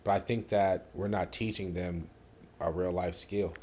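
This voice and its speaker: A man hosts a podcast conversation, asking long, measured questions. His voice is very deep. A faint background hiss sits under it. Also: fairly even intonation, darkish tone. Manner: measured, rambling questions with fillers. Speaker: podcast host. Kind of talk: interview questions.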